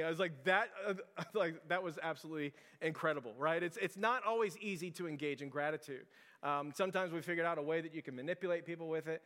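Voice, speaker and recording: A man in his thirties, a pastor, preaches a casual sermon built around stories, chuckling often as he goes. His voice is a little high and a bit bright, he talks fast, and the hall adds a long reverb.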